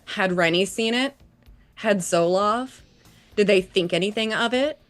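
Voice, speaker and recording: A woman co-hosting a book podcast, reading a novel aloud in steady narration with side comments. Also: mid-range voice, a little slow, soft background music. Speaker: podcast co-host.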